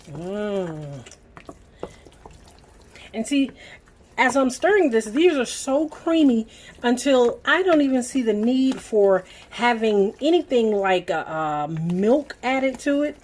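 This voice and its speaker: Stirring a pot in her home kitchen, this middle-aged cooking host with a Southern US accent talks straight to her viewers in a folksy, chatty demo. Her mid-range voice has a darkish tone and a slight hiss or hum.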